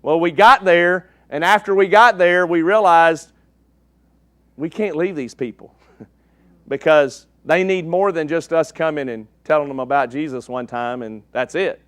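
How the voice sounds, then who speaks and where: A man's voice: a little high, measured pace, a bit bright, dry recording. A man preaching in a church, folksy and joking with the congregation. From East Texas. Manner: folksy and joking, checks in with "okay?". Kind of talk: sermon with a slide show.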